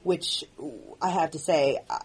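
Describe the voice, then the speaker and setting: This show's writer-producer, a woman with a deep, steady voice, talks candidly during an audio commentary. Her phrasing is earnest but halting, full of frequent restarts.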